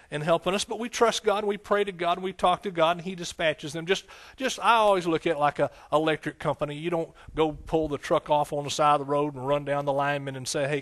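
A man's voice: on the high side, a bit bright. A man preaching a folksy, conversational sermon, with frequent amens and hallelujahs. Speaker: pastor.

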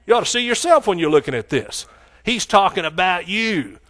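A middle-aged man with a Texan accent preaching a sermon, exclaiming hallelujah and swinging between loud outbursts and hushed asides. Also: high-pitched, animated, moderate pace.

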